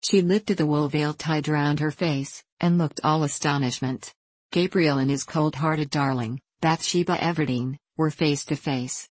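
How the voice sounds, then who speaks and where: A woman narrating a classic novel in a measured reading voice, voicing each character with small shifts. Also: deep voice, fairly even intonation, no room sound. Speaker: audiobook narrator.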